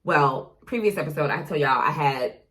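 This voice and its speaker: A woman in her thirties from New York, co-hosting a podcast, telling stories in a blunt, profane, animated way. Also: low voice, moderate pace. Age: 30s. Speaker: podcast guest co-host. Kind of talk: casual chat.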